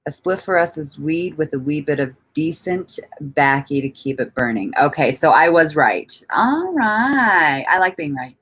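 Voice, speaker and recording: A woman's voice: sits low, moderate pace, slightly rough. A woman hosting a casual livestream, reading out viewer comments and rambling through her thoughts with frequent laughs and casual swearing. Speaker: livestream host.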